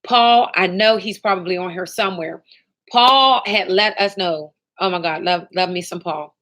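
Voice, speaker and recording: A woman's voice: fairly low pitch, normal speed, fairly bright tone. A woman running a live training session for sales agents, upbeat and motivational, often checking in with "okay?" and "right?".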